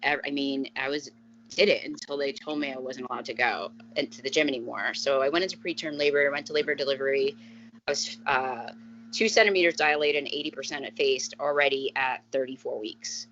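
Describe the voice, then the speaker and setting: A woman's voice: rumbling low, a little fast, fairly bright tone, slight background noise. A woman in her thirties, a podcast guest telling her own story in a candid, chatty way, laughing often and filling gaps with "you know" and "like". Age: 30s. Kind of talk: casual storytelling chat. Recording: dull lo-fi podcast audio.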